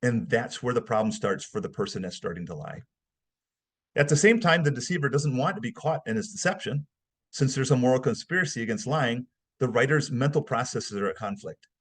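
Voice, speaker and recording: Man, webinar lecture, husky voice, conversational, emphatic. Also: medium pitch, lively intonation, brisk, a bit bright. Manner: conversational, emphatic, acts out examples. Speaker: behavioral analysis instructor.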